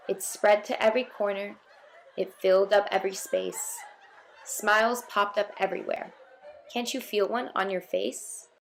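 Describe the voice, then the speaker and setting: A woman's voice: mid-range voice, fairly even intonation, normal speed, creaky, a little hiss or hum. A woman narrating a rhyming children's storybook in a lilting, rhythmic reading.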